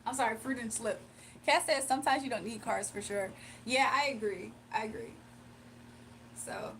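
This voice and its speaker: Young woman, casual live streamer, slangy and giggly, high-pitched, light noise under the mic. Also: moderate pace, long pauses, fairly bright tone, recorded from a distance. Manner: chatty, laughs often, slangy. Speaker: livestream host giving spiritual readings. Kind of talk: casual livestream chat, reading viewer comments aloud.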